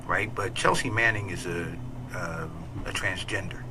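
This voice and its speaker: A man's voice: low-pitched, noisy background. A man co-hosting a talk radio show, teasing the host with pointed questions. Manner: teasing, questioning, quick interjections.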